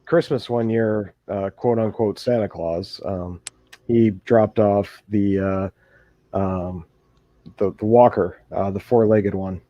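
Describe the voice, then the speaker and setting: A man's voice: on the low side, fairly even intonation, takes it slowly, dark tone, no room sound, lo-fi sound. A man joking about old collectibles in a nostalgic, casual chat.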